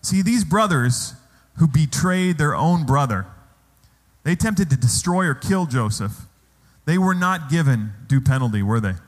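A man's voice: a little high, lively intonation, unhurried. A man preaching a sermon as pastor in a church, asking the congregation rhetorical questions. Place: church hall. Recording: long hall reverb.

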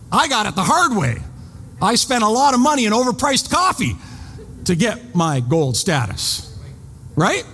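A man's voice: high-pitched, a bit bright, slightly rough. A man preaching a sermon, telling a story with rhetorical questions and acting out his own outrage. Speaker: pastor. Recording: long hall reverb.

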